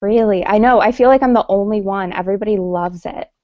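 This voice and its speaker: A woman's voice: medium pitch, quick pace, dark tone, dry recording. A woman chatting casually about comics on a video call, giving rambling, hesitant opinions. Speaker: panelist. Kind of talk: casual chat. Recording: dull lo-fi online call.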